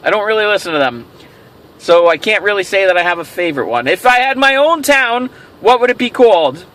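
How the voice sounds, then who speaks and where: A man's voice: high-pitched, sing-song, fairly quick, fairly bright tone. A man hosting a casual question-and-answer vlog, rambling and telling jokes with self-amused delight. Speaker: host of a toy show.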